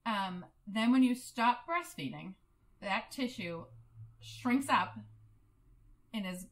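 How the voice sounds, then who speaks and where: Woman, 30s, podcast co-host, bright tone, casual explainer who gets animated telling stories. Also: fairly high pitch, takes it slowly. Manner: chatty, explains facts, animated storytelling. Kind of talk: casual chat.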